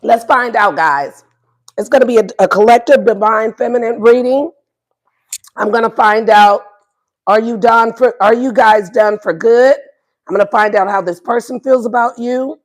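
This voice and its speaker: A woman's voice: fairly high pitch, normal speed. A woman doing a casual livestream tarot reading, playful and profane, repeating her questions to the viewers. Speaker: tarot reader.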